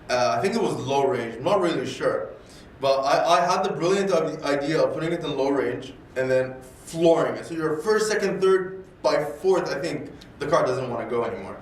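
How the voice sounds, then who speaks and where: A man telling a story casually and animatedly, acting out the dialogue and repeating words when excited. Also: a little high, a little hiss or hum. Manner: animated, acts out dialogue in voices. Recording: echoey room, distant mic, faint ambience.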